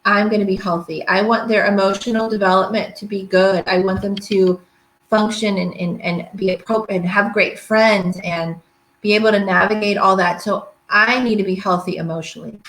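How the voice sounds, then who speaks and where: Middle-aged woman, pediatric therapist running a parenting workshop; chatty, keeps checking in, mid-pitched, roomy echo. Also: steady tone, moderate pace, a bit bright. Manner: chatty, checks in with listeners often. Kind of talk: casual workshop lecture. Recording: echoey room.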